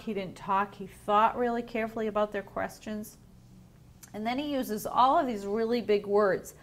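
A woman teacher reading a picture book aloud to young children, explaining words gently and asking them questions. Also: a little high, lively intonation, a little slow.

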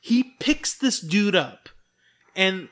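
High-voiced man telling a story with energy. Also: slow. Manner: animated storytelling, acting out quoted voices, swears a lot. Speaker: podcast co-host. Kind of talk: casual chat.

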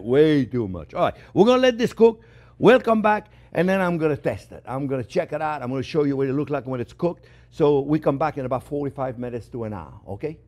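Man, cooking show host, somewhat high voice, very lively swooping delivery, rambling with fillers. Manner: animated and chatty, with many fillers and repeated exclamations. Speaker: chef hosting a cooking show. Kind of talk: casual cooking demonstration.

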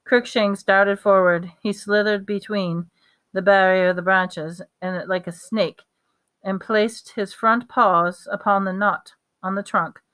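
A woman reading a storybook aloud, halting often to correct herself. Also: mid-range voice, steady tone, fairly bright tone. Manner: halting, stumbles and self-corrections. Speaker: reader.

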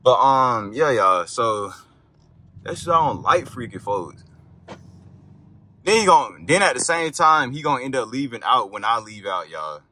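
A man's voice: medium pitch, sing-song, unhurried, pushed and bright. A young man rambling casually as he films a night drive in his car, cursing and yelping at bumps. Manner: loose, rambling, cursing, with sudden yelps at bumps. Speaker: car vlogger. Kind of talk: casual driving vlog. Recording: faint car noise.

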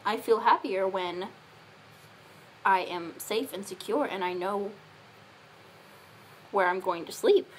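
A woman's voice: mid-range voice, fairly bright tone, slight background noise. A young woman vlogger talking casually and thoughtfully to camera, musing with fillers. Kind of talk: casual reflective talk to camera.

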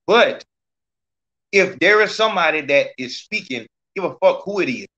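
Ranting podcast host man, bright lo-fi voice. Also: fairly high pitch. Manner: profane, ranting, challenging a chat commenter. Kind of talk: heated call-in podcast talk.

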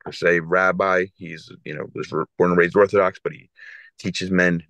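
Deep-voiced man telling a raw story. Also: level tone, a bit bright, no echo, dull audio. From South Philadelphia, USA. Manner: earnest, halting, repeats himself. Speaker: podcast guest. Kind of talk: emotional personal storytelling.

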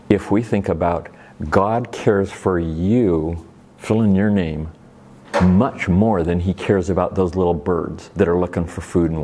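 A man's voice: low voice, dark tone, a little hiss or hum. A middle-aged man from Oregon giving a faith-based talk to a live audience, telling homey stories in a playful, folksy way. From Oregon, USA. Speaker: speaker at a faith-based recovery ministry event.

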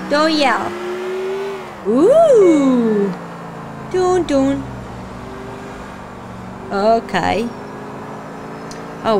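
A woman hosting a gaming channel, giving casual reaction commentary and exclaiming and swearing at the game. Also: on the high side. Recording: game sounds under voice.

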